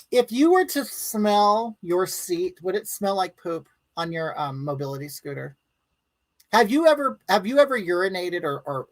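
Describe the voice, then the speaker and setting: A woman with a medium-pitched voice hosts a live stream from home, chatting casually and bluntly with viewers. She reads their comments aloud in a rambling, crude way, and the recording is rough.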